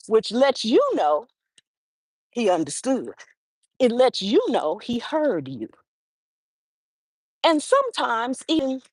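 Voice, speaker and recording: Woman, high voice, lively swooping pitch, unhurried, motivational walking talk, outdoors, dry close phone sound. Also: no echo, poor audio. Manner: animated, acts out little dialogues. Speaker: livestream host. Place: outdoors on a walk.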